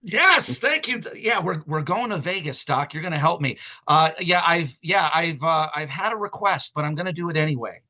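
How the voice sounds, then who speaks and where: Excitable high-voiced man on a video call. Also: fairly quick, hardly any pauses, lo-fi sound. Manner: excitable, stammering restarts, playful. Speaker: guest magician. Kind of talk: lively live-stream banter.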